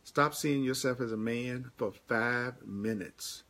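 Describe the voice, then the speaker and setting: A man speaks slowly in a bright, forceful, medium-pitched voice. He's live-streaming a spiritual teaching and answering viewer comments by name, pressing his message with emphasis and repeating key phrases throughout.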